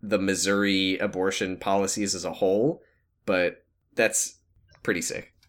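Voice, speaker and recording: A man's voice: low voice, little pitch movement, unhurried, fairly bright tone. A young man co-hosting a podcast, talking sarcastically and swearing in casual chat. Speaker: podcast co-host.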